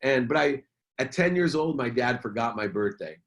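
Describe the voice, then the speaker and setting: A middle-aged man speaking at an ordinary, mid-range pitch for a man. He tells his life story as a podcast guest, earnest and emphatic. He leans on repeated phrases to drive his points home. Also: animated, moderate pace, a bit bright. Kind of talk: personal storytelling in a podcast interview.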